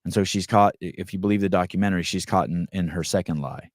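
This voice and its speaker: Man, very low voice, podcast host, rambling casual talk, dry close sound. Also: fast, no room sound. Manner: rambling, restarts often, acts out quotes. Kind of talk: casual monologue.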